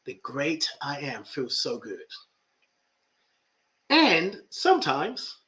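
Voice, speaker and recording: A man's voice: fairly high pitch, wildly swooping pitch, slow pace, a bit bright. A man who is a life coach and podcast host, talking reflectively about spirituality and often repeating phrases for emphasis.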